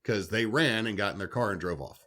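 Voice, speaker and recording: Podcast co-host, man, a bit low-pitched, lively storyteller who swears. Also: fairly quick. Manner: animated, swears freely, acts out quotes. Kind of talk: casual storytelling chat.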